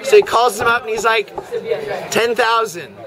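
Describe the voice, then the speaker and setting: A teenage boy telling a long, drawn-out joke story to friends with a teasing delivery. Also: extremely high pitch, level tone. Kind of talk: casual shaggy-dog storytelling. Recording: outdoor crowd chatter. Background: chatter of a group nearby.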